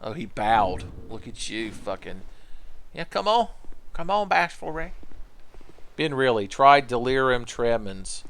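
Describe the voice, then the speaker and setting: Brief: young male streamer, lively swooping delivery, crude running jokes. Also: medium pitch, a little slow, a little hiss or hum. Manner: rambling, profane and joking. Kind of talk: casual gameplay commentary.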